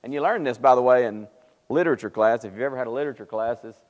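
Man, Bible class teacher, conversational, church hall reverb. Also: very fast. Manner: conversational teaching, acts out quoted speech with rising pitch. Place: church auditorium. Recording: long hall reverb of church live stream.

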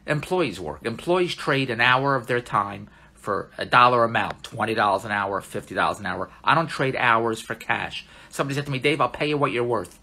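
An older man, a social media entrepreneur, films a casual selfie vlog on his phone while out and about in a shopping mall and on the streets. He pitches money tips like an excitable salesman, boasting, repeating himself, and laughing at his own jokes.

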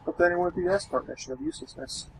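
A man's voice: high voice, racing, gravelly, slight background noise, rough recording. A man joking along during casual video game commentary. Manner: lively, joking. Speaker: let's play co-commentator.

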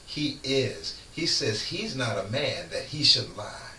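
A man who is a guest on a radio show, preaching in casual chat with fervent, lively storytelling. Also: medium pitch, slow. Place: radio studio. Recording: echoey room, far from mic, faint noise.

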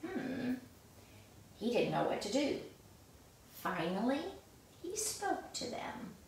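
Animated woman reading a picture book aloud. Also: high-pitched, slight background noise. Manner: animated, exclamatory, chatting about the pictures. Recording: echoey room, mic at a distance.

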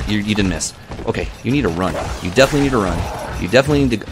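A man's voice: on the low side, lively intonation, very fast, over music. A man giving live gameplay commentary as a streamer, jittery and panicky, talking to himself and to the game. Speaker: let's play livestreamer.

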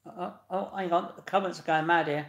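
A man hosting a live stream, chatting and laughing as he reads out viewers' comments and greets them loudly. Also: fairly high pitch, steady tone, brisk, creaky. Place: echoey indoor room. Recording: echoey room.

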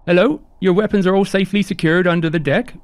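A man's voice: high-pitched, fast talker, no echo, pitched above the performer's own voice. A man doing a fussy, eager ship hand. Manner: fussy, polite, stammering. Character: nervous, eager young male ship hand.

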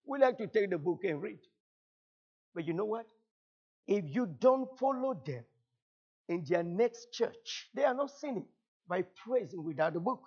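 A man from Cameroon with a Cameroonian French accent, whose first language is French, preaching a fervent sermon as a guest pastor, repeating phrases and rising to shouts. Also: high voice, animated, a little slow, long pauses, husky, dull audio.

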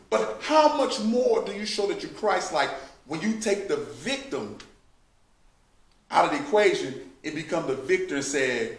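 A man's voice: on the high side, sing-song, unhurried. A man preaching a sermon, who builds to emphatic outbursts and addresses the listeners as saints. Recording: echoey room, mic at a distance.

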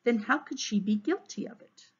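A woman voicing a small, principled male policeman who reasons calmly, in a storybook read-aloud. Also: on the high side, moderate pace, slightly rough. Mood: earnest. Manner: calm, reasoning. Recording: dull, muffled recording.

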